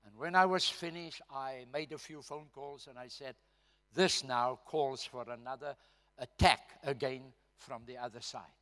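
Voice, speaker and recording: A man with a South African accent, a pastor telling a story from his own life at a church service, swinging between loud emphasis and hushed asides. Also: mid-range voice, unhurried. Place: church hall. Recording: reverberant church hall.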